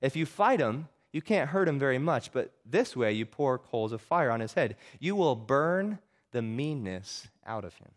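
A man voicing a calm, gently joking father in a story he reads aloud during a sermon. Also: mid-range voice, moderate pace, lightly acted. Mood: gentle. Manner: calm, teasing.

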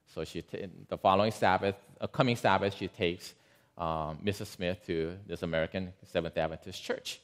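A man preaching a sermon, telling an illustration in a lively way with asides to his listeners. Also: low-pitched, moderate pace. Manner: lively, animated storyteller with asides to the congregation. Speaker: pastor. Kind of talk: sermon storytelling.

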